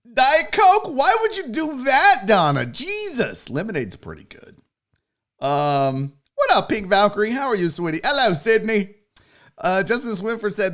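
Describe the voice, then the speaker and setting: A middle-aged man hosting a casual live stream, loud and profane, excitably reading viewer messages aloud. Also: high-pitched. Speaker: show host.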